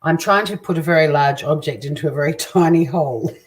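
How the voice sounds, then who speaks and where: Cooking live in her home kitchen, an Australian host chats, cracks crude jokes, and reads out what viewers comment. She speaks in a low pitch, a little quickly. Dishes and cutlery clink in the background, with faint kitchen clatter caught by a distant mic.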